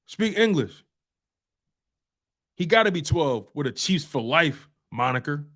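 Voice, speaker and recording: A man's voice: a little high, animated, normal speed, a bit bright. Emphatic trash-talking sports host man. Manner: trash-talking, repetitive, emphatic, drawling slang. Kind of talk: animated live-stream football talk.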